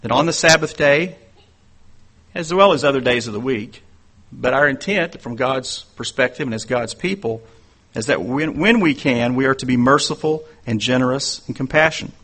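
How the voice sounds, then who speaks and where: A man preaching a sermon in an earnest, conversational way, telling personal stories and dropping into quieter asides. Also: mid-range voice, normal speed, slightly rough. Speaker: pastor.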